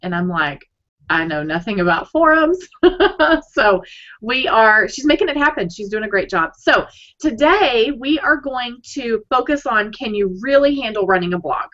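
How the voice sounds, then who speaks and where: A woman's voice: a little high, expressive, normal speed, fairly bright tone. A woman co-hosting a blogging webinar in a casual, upbeat, chatty way, often restarting her sentences. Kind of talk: casual live webinar chat. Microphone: video call. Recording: dull lo-fi video call audio.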